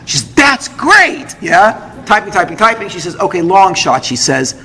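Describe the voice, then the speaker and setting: Guy telling a story, high voice jumping all over, big echoey hall. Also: fairly quick. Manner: lively, acts out dialogue with big pitch jumps. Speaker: rabbi telling a personal story. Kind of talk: animated storytelling talk. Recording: roomy hall with long reverb, faint noise.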